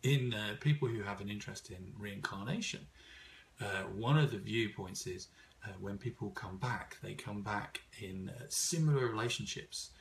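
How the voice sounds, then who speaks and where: A man's voice: lowish voice, normal speed, a little hiss or hum. A man giving an informal seminar talk, thoughtful, with frequent fillers and restarts. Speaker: seminar speaker.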